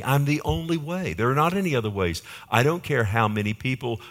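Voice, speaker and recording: A pastor preaching a sermon with emphatic repetition, calling out "amen?" to the congregation. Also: male voice, mid-range voice, lively intonation, fairly quick, creaky, hardly any pauses, a bit bright. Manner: emphatic, repeats key phrases, calls for amen.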